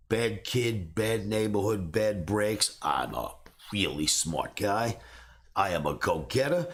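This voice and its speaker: A middle-aged man, casually telling a story to a live stream and acting out the voices of people in it. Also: on the low side. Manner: animated, acts out voices of people in his stories. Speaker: trading educator telling stories.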